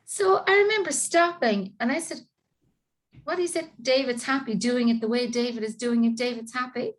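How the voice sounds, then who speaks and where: In a personal storytelling conversation, an earnest Irish woman who is a parent carer shares her story as an interview guest. Speaking at a normal speed in a voice on the high side, she gets emotional and performs the quoted dialogue.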